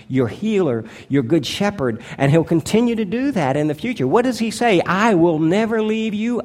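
A male pastor preaching a sermon, earnest and deliberate, slowing down to stress key words and dropping to a hushed tone for his appeals. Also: on the high side.

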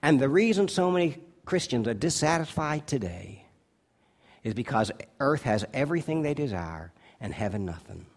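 Male pastor, sermon delivery, loud emphatic peaks and low quiet asides. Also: lively intonation. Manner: stretches key words slowly for emphasis.

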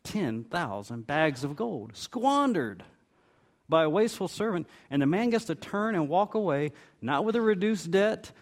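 Middle-aged guy preaching, fairly high voice, swings up and down a lot as he tells the story. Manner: expressive storytelling preaching, voicing the parable's characters. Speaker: pastor. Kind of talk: sermon.

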